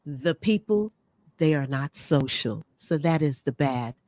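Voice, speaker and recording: A woman's voice: deep voice, expressive, measured pace, a little mellow, dry recording. A woman co-hosting a casual talk show, giving chatty, emphatic opinions about travel. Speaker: co-host. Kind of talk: casual travel review chat. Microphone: streamed call.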